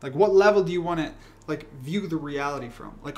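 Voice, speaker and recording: Young man, livestream host, rambling rants with swearing, slightly high voice, faint background noise. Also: a little fast. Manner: rambling, profane, animated ranting. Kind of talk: casual livestream chat.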